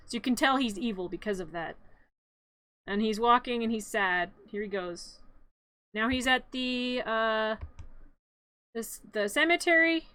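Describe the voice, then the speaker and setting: A woman's voice: on the high side, bright, forceful tone, clear, resonant tone. A woman streamer who narrates a home-made parody in a playful, rambling, jokey way. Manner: giggly, rambling, jokey, with many restarts.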